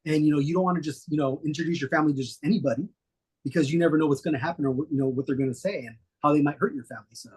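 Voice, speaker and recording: Husky-voiced man telling stories. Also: on the high side, racing. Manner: relaxed, rambling, many fillers. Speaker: guest. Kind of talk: casual storytelling interview.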